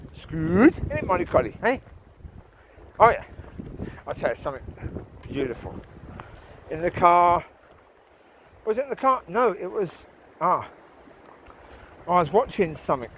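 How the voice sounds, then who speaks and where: A man's voice: fairly high pitch, a little hiss or hum, poor audio. Chatty man walking his dogs outdoors. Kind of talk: casual talk while walking outdoors. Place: outdoors by water on a rural path.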